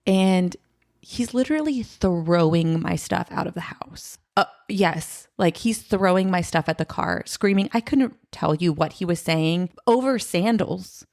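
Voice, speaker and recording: Gravelly woman telling a hard story. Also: fairly low pitch, lively intonation, a little slow, a little mellow, dry recording, clean studio sound. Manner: emotional, quotes others in her retelling. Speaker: podcast guest. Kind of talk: candid personal storytelling.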